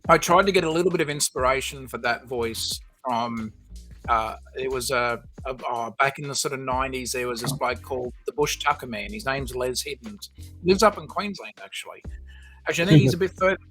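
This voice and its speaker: A man's voice: medium pitch, brisk, fairly bright tone. An Australian man chatting casually on a livestream, rambling and jokey, with faint music behind. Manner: rambling, jokey, slips into voices. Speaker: streamer co-host.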